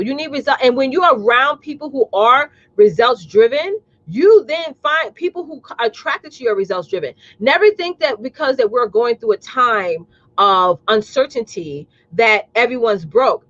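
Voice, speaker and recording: A woman's voice: fairly high pitch, a bit bright, no echo, dull audio. A woman business coach hosting a live talk, blunt and sassy, calling her audience y'all and preaching about mindset. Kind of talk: live streamed motivational talk.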